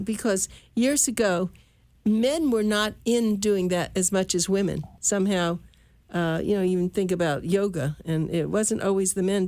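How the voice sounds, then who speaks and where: A woman hosting an interview, asking halting questions with many fillers. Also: mid-range voice, darkish tone, dry recording. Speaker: host. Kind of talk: interviewing a guest.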